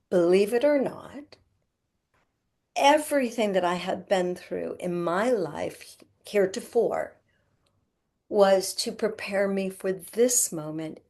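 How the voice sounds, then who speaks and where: A woman's voice: medium pitch, a little mellow. A middle-aged woman, a healer and podcast guest, telling a spiritual story in an earnest way and acting out the voices in it.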